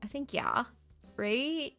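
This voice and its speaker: Slow-talking giggly woman gaming. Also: fairly high pitch, huge pitch swings, vocal fry, a bit bright, faint music behind. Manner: chatty, giggly, talks to herself while building. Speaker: game streamer. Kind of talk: casual gameplay commentary.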